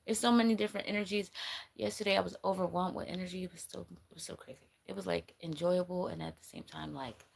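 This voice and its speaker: A woman's voice: fairly low pitch, animated, quick pace, gravelly. A woman giving a rambling, blunt spiritual reading on a livestream, swearing casually as she goes. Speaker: spiritual reader.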